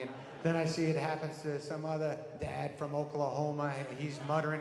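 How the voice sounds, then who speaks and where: A man's voice: fairly high pitch, flat delivery, a little fast, crowd noise. A man telling a profane, rambling story on a theater stage as a stand-up comedian. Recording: echoey hall with audience noise.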